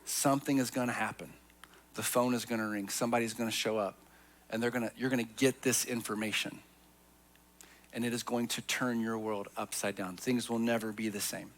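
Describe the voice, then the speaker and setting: A man's voice: mid-range voice, steady tone, brisk. Earnest male pastor preaching. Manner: earnest, swings from hushed to emphatic; personal storytelling with restarts. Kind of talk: sermon.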